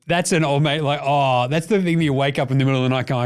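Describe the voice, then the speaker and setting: A man with an Australian accent hosting a casual sports podcast, jokey and animated, swearing freely. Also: medium pitch, fast talker, smooth. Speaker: podcast host.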